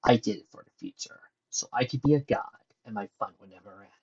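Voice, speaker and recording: A gloating, sneering mad scientist pony, as a male reader puts him on, his husky voice dropping quiet and menacing. The sound is muffled and lo-fi, like a home recording. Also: medium pitch, a little fast.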